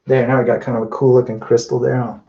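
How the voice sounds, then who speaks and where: A painting instructor gives a live demonstration indoors at a painting wall, thinking aloud in a relaxed, unhurried way with many restarted sentences and frequent "you know." His mellow, warm voice sits at a middle pitch, and the recording is slightly dull and lo-fi.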